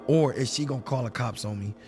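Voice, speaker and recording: A man telling a dramatic personal story in casual talk, dropping low and hushed, then breaking into shouted quotes. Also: quick pace, over music. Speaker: guest telling his story.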